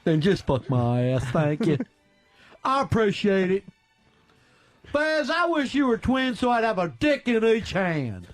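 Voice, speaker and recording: Man doing a high, swooping southern redneck, crude and goofy, for a comedy radio bit. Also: very animated, unhurried, faint music behind. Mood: lovesick. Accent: put-on American Southern. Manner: crude, goofy, sing-song wooing. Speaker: radio show host.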